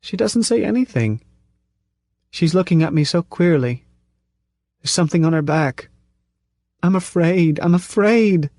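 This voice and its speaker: A man's voice: sits high, expressive, a little slow, long pauses, darkish tone, no echo, pitched above the performer's own voice. A man putting on a frightened childlike young woman. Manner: piteous, childlike wailing.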